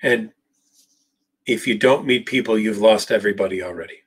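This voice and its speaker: A man's voice: fairly low pitch, normal speed, husky. A man, a psychologist, answering viewer questions on a live Q&A, speaking emphatically and addressing people directly by name. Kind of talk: live Q&A, casual talk.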